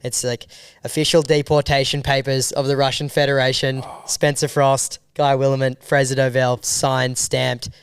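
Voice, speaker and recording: An Australian man, a filmmaker guest, telling a story in a casual interview with a rambling, animated manner and casual swearing. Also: mid-range voice, moderate pace, clear, resonant tone, dry recording, studio quality.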